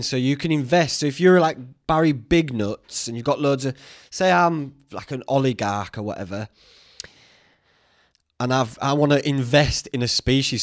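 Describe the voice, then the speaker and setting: A man's voice: medium pitch, normal speed, dry recording. Male podcast host, casual rambling chat, self-deprecating, mid voice, dry studio sound. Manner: chatty, self-mocking, swears freely.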